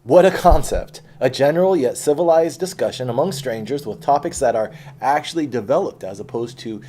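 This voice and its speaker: A man performing an autobiographical stage monologue, profane and animated, sometimes dropping to a hushed whisper. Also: mid-range voice, brisk. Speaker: storyteller.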